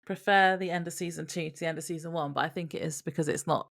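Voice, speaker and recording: Low gravelly-voiced woman co-host. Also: fairly even intonation, fast talker. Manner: easygoing, reads from her notes. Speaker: podcast co-host. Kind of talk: casual recap chat.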